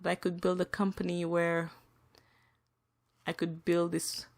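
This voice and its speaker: A woman hosting a solo podcast, venting emphatically and repeating herself, her pitch rising when upset. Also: completely flat delivery, a little slow. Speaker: podcast host.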